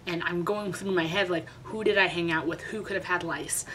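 A woman's voice: fairly low pitch, steady tone, fairly quick, a bit bright, slight background noise, low-quality recording. Chatty young woman telling a mishap story. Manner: chatty, dramatic, self-mocking, frequent laughs. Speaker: vlogger. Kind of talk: casual storytime vlog.

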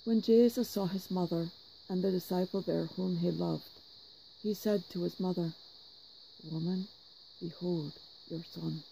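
A man reads scripture in a slow, liturgical cadence, his voice heavily gravelly with constant fry. The tone is dark and mellow, and he presses quoted shouts with added weight and slower pace. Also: high voice, fairly even intonation, slight background noise, poor audio. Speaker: scripture reader. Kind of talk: measured liturgical scripture reading.

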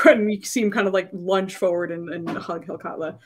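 A woman's voice: on the low side, fairly even intonation, fairly quick, hardly any pauses. A woman narrating a tabletop game as game master, describing the scene in loose, filler-heavy phrases.

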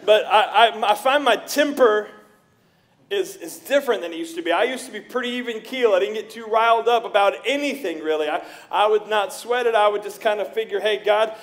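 A middle-aged male pastor preaching in a church, with a fairly high voice. He tells stories in an animated way and acts out the people he quotes. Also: a little fast. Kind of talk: sermon. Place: church sanctuary.

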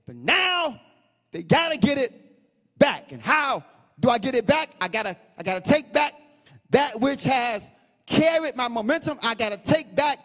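A pastor preaching a sermon, swinging between sing-song chanting and shouts and repeating phrases for emphasis. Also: male voice, extremely high pitch, sing-song, moderate pace, in a large hall.

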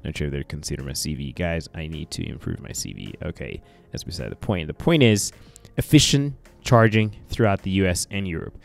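A man's voice: deep voice, gravelly. A man from Africa giving a chatty, rambling commentary while browsing a website, often calling his viewers guys. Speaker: tech vlogger. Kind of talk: casual screen-share commentary.

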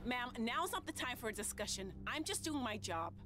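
A stern, curt police officer. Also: female voice, a little high, very animated, normal speed, music in the background. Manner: curt and commanding. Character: stern female police officer, adult, short-tempered. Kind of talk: video game dialogue.

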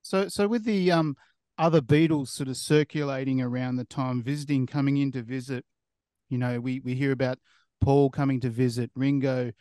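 A man's voice: medium pitch, fairly even intonation, normal speed, warm tone, no echo, studio quality. A man hosting a podcast who asks long, meandering questions full of fillers and restarts. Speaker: podcast host. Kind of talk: casual interview questions.

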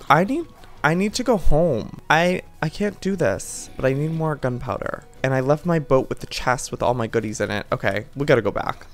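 A man giving lively, theatrical gameplay commentary as a channel host, talking to the game's creatures with mock outrage. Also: medium pitch. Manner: animated, theatrical, talks to game mobs with mock outrage.

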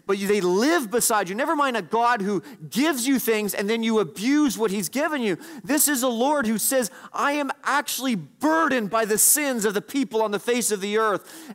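Pastor, male, high-pitched, earnest sermon delivery, questions the congregation, slows to stress scripture. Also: a bit bright. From Canada.

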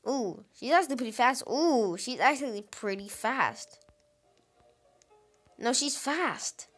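A woman hosting a gaming channel, giving excitable let's-play commentary and talking straight to her viewers with frequent exclamations. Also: fairly high pitch, slow, soft background music.

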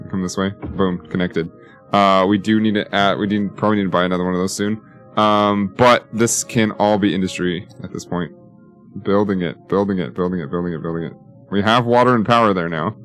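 A lower-pitched man chats loosely over a city-building game, muttering to himself and cracking jokes as he plans roads and services. Faint music plays under his voice. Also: fairly bright tone. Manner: rambling, joking, talks to himself while building. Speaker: gaming YouTuber. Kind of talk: casual let's-play commentary.

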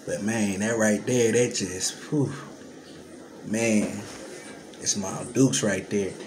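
A man's voice: on the low side, fairly even intonation, slow. A man vlogging casually to his followers from home, emotional and choked up, sighing heavily as he talks into his phone camera. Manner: emotional, choked up, heavy sighs. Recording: noticeable room noise.

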